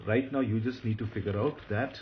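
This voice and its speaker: Guy teaching hebrew grammar, low-ish voice, repeats stuff patiently, muffled lo-fi sound. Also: a little fast, background noise. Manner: patient, repeats key points, frequent fillers. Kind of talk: recorded lecture. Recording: dull lo-fi lecture recording.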